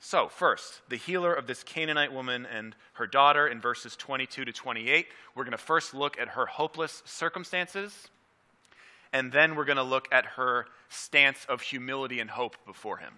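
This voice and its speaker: A man's voice: mid-range voice, normal speed, pushed and bright. A man preaching a teaching sermon, earnest and emphatic, repeating key phrases and asking his listeners questions. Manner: earnest, asks the audience questions. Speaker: pastor.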